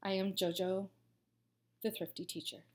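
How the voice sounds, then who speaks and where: Teacher lady reading a kids' chapter book, expressive, middle pitch. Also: moderate pace. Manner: clear, expressive storytelling with playful asides. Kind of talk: children's storybook read-aloud.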